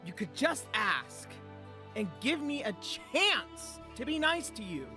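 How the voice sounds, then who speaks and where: Sassy deadpan young adventurer voiced by a woman, lively inflection, faint music under. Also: a little high, takes it slowly. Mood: sarcastic. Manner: deadpan, sarcastic. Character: sassy young male adventurer, dry and blunt. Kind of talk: fan abridged dub.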